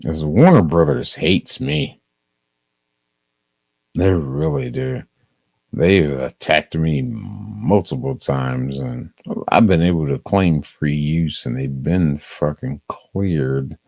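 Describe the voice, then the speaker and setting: A man's voice: a bass voice, expressive, takes it slowly, creaky, few pauses, a little mellow, no room sound. A man streaming a casual, profane movie review, rambling and leaning on "um" and "uh". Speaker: live streamer.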